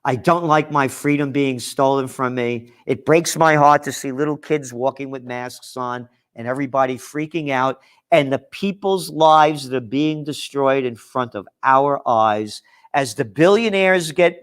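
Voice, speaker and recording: A man's voice: mid-range voice, unhurried, fairly bright tone, clean tone. An older man with a New York accent, hosting a commentary show with blunt, profane, fiery ranting. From New York (Bronx). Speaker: host. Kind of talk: angry commentary monologue.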